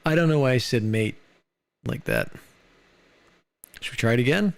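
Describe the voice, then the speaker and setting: A man's voice: mid-range voice, expressive, racing. Rambling American guy live streaming. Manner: loose and rambling, lots of "dude" and "like". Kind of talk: casual live-stream chat.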